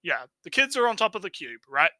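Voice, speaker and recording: Man co-host, casual stream chat, sharp tense tone, fairly high voice, rambling and repetitive. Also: big pitch swings, brisk, no room sound, low-quality recording. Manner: rambling, tags lines with "right?"; repeats words when starting phrases.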